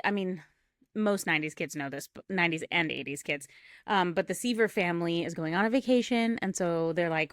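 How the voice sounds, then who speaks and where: A woman in her thirties co-hosting a podcast, chatting casually and retelling a film with animated acted quotes. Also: on the low side, no echo, studio quality. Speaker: podcast co-host. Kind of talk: casual chat.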